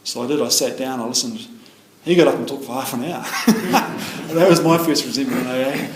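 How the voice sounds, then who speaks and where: A middle-aged man speaks at a recovery meeting in a rambling, heartfelt way, circling back with "you know." His voice sits at an ordinary middle pitch. It bounces around an echoey meeting room, with a faint hum of ambience behind it. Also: steady tone, quick pace. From New Zealand. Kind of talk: personal share at a recovery meeting.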